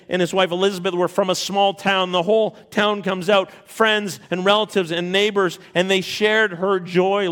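A man's voice: high voice, a bit bright. A man preaching a sermon, retelling a Bible story with emphatic repetitions and frequent restarts. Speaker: pastor.

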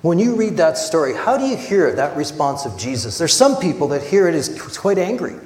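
A fairly high-voiced man preaching an earnest, conversational sermon. He slips into lively retellings of the scene. His voice rings through an echoey hall with a long reverb tail. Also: brisk. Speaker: pastor.

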